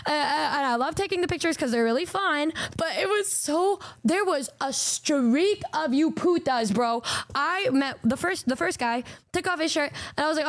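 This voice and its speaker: A woman streamer telling stories to her chat in a casual, animated way, swearing freely. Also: high-pitched, moderate pace, no echo, clean studio sound.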